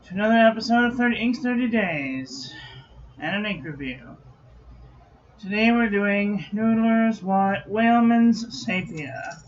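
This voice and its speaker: A man's voice: high-pitched, measured pace, muffled recording. A man hosting a casual product review vlog from his own room at home, chatty and reading product details aloud in clipped lists. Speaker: host.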